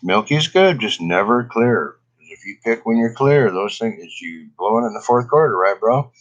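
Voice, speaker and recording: A man's voice: fairly low pitch, expressive, moderate pace, highs cut off. A middle-aged man chatting casually on a livestream, rambling and swearing, laughing often and coughing from smoke. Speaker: cannabis vlogger.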